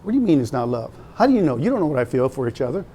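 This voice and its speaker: A man in his fifties, a pastor preaching to young people in an animated, joking, conversational way. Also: medium pitch, very fast, husky.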